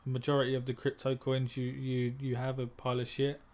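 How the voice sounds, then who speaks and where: A man's voice: medium pitch, completely flat delivery, brisk, a little mellow. A man, a trader and moderator, talking bluntly in a casual group discussion, often repeating words as he thinks.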